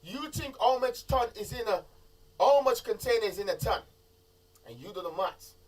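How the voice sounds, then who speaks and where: A man's voice: high voice, expressive, normal speed, recorded from a distance, rough recording. A Jamaican man hosting a live show, talking in an emphatic, lecturing way on a mobile phone broadcast. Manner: emphatic, lecturing, patois phrasing. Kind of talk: casual live-stream chat.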